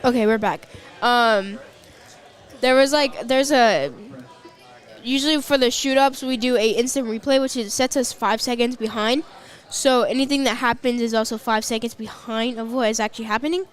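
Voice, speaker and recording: A young woman co-hosts a live stream on a close mic, talking in a loose, rambling way full of fillers and quick giggles. Her voice sits a little high. She sounds casual and unscripted. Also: fairly even intonation. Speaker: livestream co-host.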